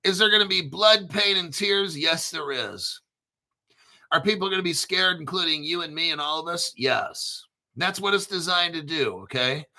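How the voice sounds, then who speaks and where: A man hosting his own channel in a casual monologue, emphatic and repetitive, rambling and swearing, often clearing his throat. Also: high voice, normal speed, bright, forceful tone. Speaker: crypto channel host.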